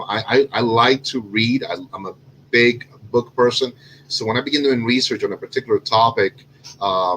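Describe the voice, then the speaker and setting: A man's voice: medium pitch, a bit bright, a little hiss or hum, low-quality recording. Rambling man hosting a cigar chat. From Cuban. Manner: rambling, self-correcting, lots of fillers. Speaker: cigar show host. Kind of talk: casual chat.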